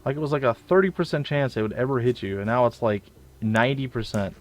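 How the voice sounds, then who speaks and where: A young man casually commenting on his own gameplay, chatty and self-mocking, with sudden loud outbursts. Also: mid-range voice, fast talker, soft background music. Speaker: let's play gamer.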